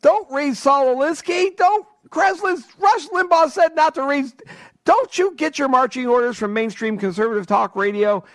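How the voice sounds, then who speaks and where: A man putting on a shrill, nagging voice to play a scolding male fan of conservative talk radio. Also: moderate pace, no echo, clean studio sound. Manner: nagging, mocking, high and strained.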